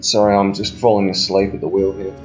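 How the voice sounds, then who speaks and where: A man's voice: low-pitched, flat delivery, fairly quick, soft background music. A man giving casual, sarcastic and profane commentary over his own gameplay.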